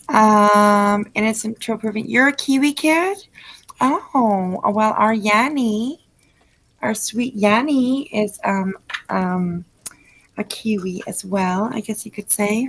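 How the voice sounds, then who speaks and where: A woman's voice: medium pitch, slow pace, rough recording. A woman hosting a late-night livestream, chatting effusively with her viewers and reading their messages with plenty of fillers. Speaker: livestream host reading chat.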